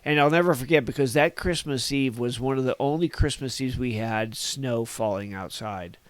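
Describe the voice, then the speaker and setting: A man in his sixties from Northern California reminisces as a podcast guest, wandering through his stories with folksy asides and chuckling at his own tales. His voice sits at an ordinary middle pitch at normal speed, recorded dry and close with no room sound.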